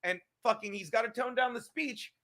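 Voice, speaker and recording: A man's voice: extremely high pitch, moderate pace, fairly bright tone. A male podcast host in a profane live-stream rant, angry and emphatic, swearing constantly and repeating his points.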